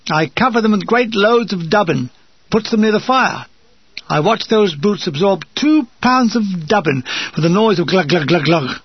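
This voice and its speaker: An older man from England reading a war memoir aloud with a dry, wry comic delivery and a gravelly, husky voice. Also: sits high, animated, normal speed, no echo, muffled recording. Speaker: narrator.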